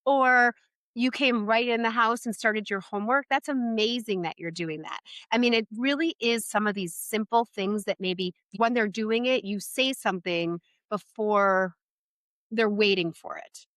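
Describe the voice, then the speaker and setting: A woman talking as a podcast guest, giving parenting advice in an animated, chatty way full of "like" and "right?". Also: medium pitch, unhurried, dry recording, studio quality. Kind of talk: casual interview conversation.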